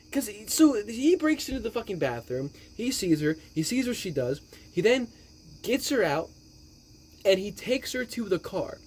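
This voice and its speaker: A man with a slightly higher voice than most, recapping a film in a rambling, exasperated rant. He swears constantly and piles up restarts as he goes. A faint hum of noise sits under him. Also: very animated, moderate pace. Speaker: movie reviewer. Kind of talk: profane movie recap rant.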